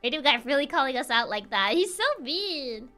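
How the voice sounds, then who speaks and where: Young woman, gaming streamer, bright tense tone, giggly and teasing, stumbles over words. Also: sits high, expressive, a little fast, soft background music. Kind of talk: playful gaming stream commentary.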